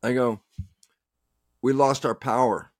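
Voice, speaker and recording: Male interview guest, mid pitch, emphatic, quotes himself, dry close sound. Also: steady tone, slow, darkish tone, no room sound. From United States. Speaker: guest scientist. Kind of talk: passionate interview talk.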